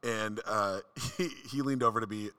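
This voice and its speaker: A man telling a story in casual podcast chat, with quick jokes. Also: on the low side, bright, forceful tone, clean tone.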